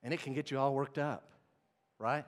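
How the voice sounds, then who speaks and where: A middle-aged male pastor preaching a sermon, swinging between loud emphatic bursts and quiet, low stretches. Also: fairly even intonation, normal speed.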